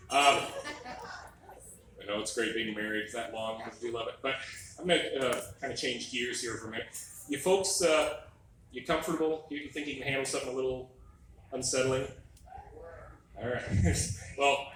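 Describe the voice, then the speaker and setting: A middle-aged man doing a stand-up comedy set in a club, wry and animated, teasing the crowd. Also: fairly high pitch, slight background noise. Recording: live club mic, echoey room, distant.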